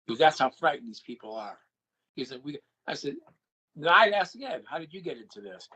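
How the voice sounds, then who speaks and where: A man's voice: medium pitch, fairly quick, husky, lo-fi sound. An older man, a guest, telling a personal anecdote and acting out the dialogue he quotes. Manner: animated storyteller who acts out quoted dialogue.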